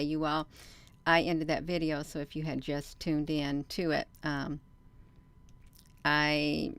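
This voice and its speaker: A woman's voice: on the low side, a bit bright, clean tone, no room sound. A woman hosting a casual livestream, chatting and rambling to her viewers. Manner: chatty, rambling, addresses viewers as "you all". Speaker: livestream host.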